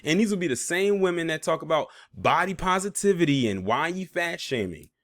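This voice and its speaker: A man's voice: a little high, lively intonation, a little fast, hardly any pauses, a bit bright, no room sound, studio quality. A man reading out social media posts and reacting with sarcastic, laughing asides, as host of a commentary channel.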